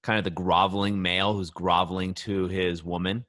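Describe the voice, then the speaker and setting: A man hosting a podcast in relaxed conversation with his co-host. His voice sits low, and his answers come out short and blunt. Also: normal speed. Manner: blunt, brief replies.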